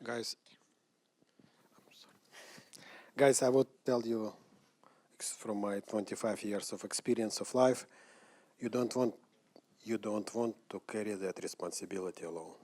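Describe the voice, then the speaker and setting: Brief: man, fairly low voice, earnest seminar co-speaker. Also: normal speed, a little mellow. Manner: earnest, advising. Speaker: co-speaker at a parenting session. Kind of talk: church seminar talk.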